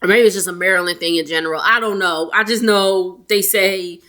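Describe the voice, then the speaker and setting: A chatty recap vlogger goes over a reality show, quoting the cast in fast voices and laughing often. She speaks in a mid-range voice with a steady tone that sounds pushed and bright.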